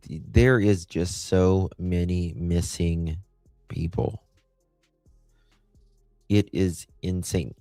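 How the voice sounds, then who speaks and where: A man chats unhurriedly on a livestream, his voice deep and gravelly with a dark, mellow tone. He rambles and answers his viewers' comments as he goes. Faint music plays in the background, and the sound is close and dry. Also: dry recording. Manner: rambling, chatty, talks back to chat. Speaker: livestream host. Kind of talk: casual livestream chat reading comments.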